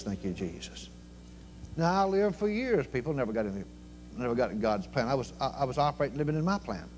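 An older man preaching a sermon in a fervent, folksy manner, swinging between loud exclamations and low murmured prayer. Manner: folksy, with plain everyday grammar. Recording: faint hum behind the voice.

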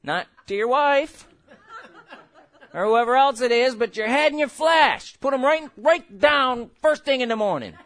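Lively high-voiced preaching pastor. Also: male voice. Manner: animated preaching with sudden shouts and laughter; slow, drawn-out scripture reading. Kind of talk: sermon.

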